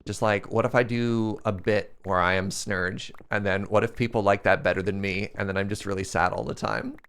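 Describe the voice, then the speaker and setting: A man's voice: on the low side, steady tone, moderate pace, creaky, a bit bright, smooth. A young man streaming a game, chatting casually and joking as he answers chat questions. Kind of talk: casual live-stream chat while playing.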